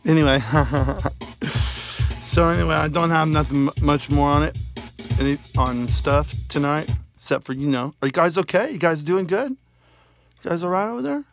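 Silly high-voiced male vlogger, loose and rambling, phone mic, soft guitar under. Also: normal speed. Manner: goofy, rambling, silly shout-outs. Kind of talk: rambling comedic vlog.

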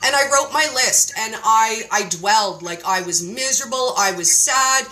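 Bright, lively woman host. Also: on the high side, normal speed, poor audio. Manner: animated, playful storytelling with put-on quotes. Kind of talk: casual chat.

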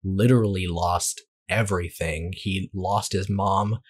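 A man with a low, husky voice co-hosts a casual movie podcast. He rambles through his points with plenty of restarts and fillers. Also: fairly even intonation, unhurried. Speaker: podcast co-host. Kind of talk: casual movie review chat.

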